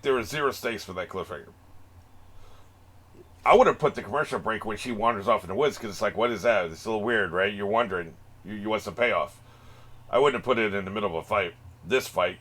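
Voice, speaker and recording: A man's voice: lowish voice, fairly bright tone, husky. A man hosting an anime reaction video, cracking profane jokes and laughing often in casual commentary. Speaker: anime reaction channel host.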